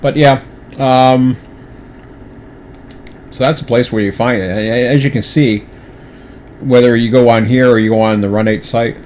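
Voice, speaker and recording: A man's voice: mid-range voice, fairly even intonation, fairly quick, a little mellow, slight background noise. A man chatting casually on a livestream, rambling with many restarts and fillers, at times with his mouth full. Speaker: streamer.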